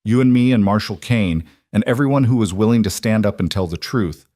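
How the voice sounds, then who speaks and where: A man doing a weary old-west lawman turned family man, steady and solemn, in a low, grounded voice. The recording is close and completely dry. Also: a little fast, no room sound, close to an everyday voice. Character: weary, devoted former lawman and husband.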